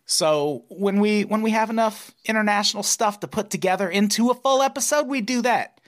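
A man's voice: high voice, a little fast. A man hosting a comedy podcast, joking around and reading news headlines aloud. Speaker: podcast host. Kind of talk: casual chat.

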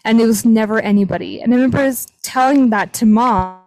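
On a low-quality recording, a podcast host, a young woman with a voice on the high side and a darkish tone, speaks a little fast. It's casual storytelling chat as she recounts a paranormal investigation, peppering it with "like" and other fillers.

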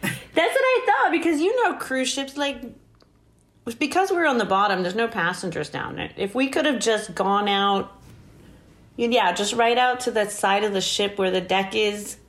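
In a casual interview, a female guest with a mid-range voice tells her story at a moderate pace. Frequent laughter marks her animated delivery, and she acts out what people said.

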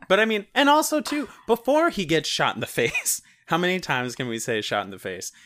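A man co-hosting a podcast, chatting casually about a movie and retelling scenes in a rambling, animated way, swearing and laughing often. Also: a little high, moderate pace. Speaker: podcast co-host reviewing a movie. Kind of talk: casual chat.

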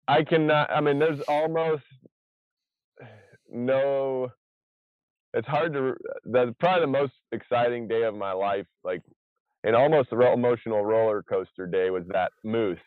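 A man's voice: mid-range voice, measured pace, smooth, dry recording. Man on a tinny, phone-like line. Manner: rambling, restarts often, excited retelling. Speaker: podcast guest, survival show contestant. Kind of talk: casual podcast chat.

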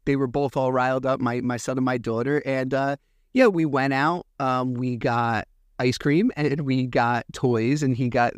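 A man's voice: medium pitch, dry recording. A man in his thirties hosting a solo podcast in a casual, meandering way, full of ums and uhs. He acts out bits of conversation as he tells a family story. His mid-range voice sounds close and dry, with no room around it. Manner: rambling, animated retelling with many fillers. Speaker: podcast host.

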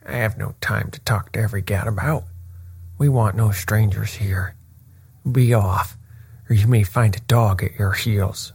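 A man voicing a gruff bullying old horse trainer. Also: lowish voice, steady tone, measured pace, a little mellow, no echo, heavily acted. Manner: blustering then cringing.

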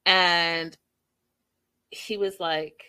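Opinionated woman with a bright, forceful voice. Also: fairly low pitch, extremely slow, clean tone. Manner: animated, opinionated storytelling. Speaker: reality TV recap vlogger. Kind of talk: casual gossip recap.

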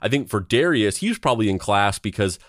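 Podcast host, man in his thirties, lowish voice, loose rambling delivery full of restarts, dry close mic. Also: big pitch swings, fast, dry recording. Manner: rambling, with many restarts and repeated words. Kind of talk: casual podcast chat.

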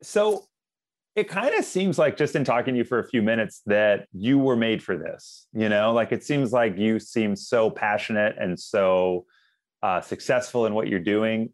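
A man's voice: on the low side, lively intonation, moderate pace. A man hosting a casual interview, asking open questions and backing up his guest with short affirmations. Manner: encouraging, frequent short affirmations. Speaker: podcast host.

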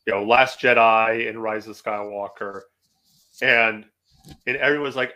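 Man, podcast co-host, casual chat, mid-pitched voice, relaxed, agreeable. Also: measured pace, poor audio.

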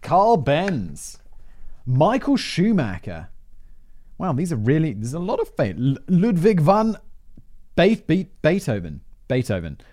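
Very animated and on the high side, yet a little mellow, a man in his thirties hosts a podcast slowly and with long pauses. Reading from his script, he rambles, goes off on tangents, and laughs often.

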